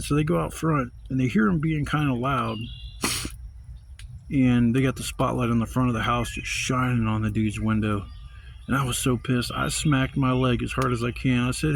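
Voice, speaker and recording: A man vlogging from a campsite outdoors, telling a profane, animated story and acting out other people's voices. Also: mid-range voice, normal speed, a little hiss or hum. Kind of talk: casual storytelling rant.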